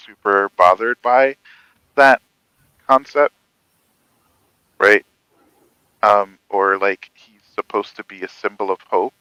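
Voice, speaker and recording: A man in a casual panel chat, talking in a halting, rambling way with many pauses. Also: on the low side, bright, forceful tone, smooth, no echo, rough recording.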